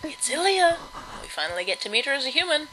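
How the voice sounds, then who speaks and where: A woman's voice: high voice, big pitch swings, rapid-fire, noisy background. A woman giving playful gameplay commentary with joking asides. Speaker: let's play commentator. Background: game music.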